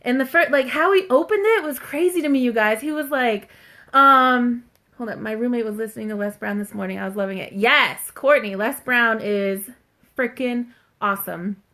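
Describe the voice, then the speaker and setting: A woman's voice: a little high, moderate pace, bright, forceful tone. A woman hosting a casual live stream from home, talking to viewers in a chatty, heartfelt way and reading their comments aloud. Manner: chatty, heartfelt, fills talk with "like" and "you guys".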